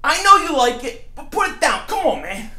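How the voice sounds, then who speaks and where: A male sports vlogger with a loud, excitable manner who often shouts while doing a comedy bit and a fan rant. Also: very high voice, normal speed.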